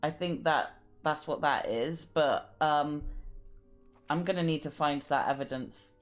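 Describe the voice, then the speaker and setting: A woman's voice: deep voice, a little slow, faint music behind. A woman streaming a mystery game live, thinking aloud and reading clues and letters aloud. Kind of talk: live gameplay commentary.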